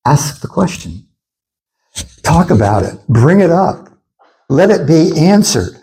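A man preaching a sermon in an animated way, acting out the voices of his listeners as he goes. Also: fairly high pitch, slow, rough recording. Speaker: pastor.

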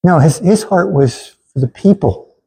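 Earnest male preacher with a husky, mellow voice. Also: sits high, expressive, a little slow, rough recording. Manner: earnest, stammering restarts, calls for congregation response. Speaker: pastor. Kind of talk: sermon.

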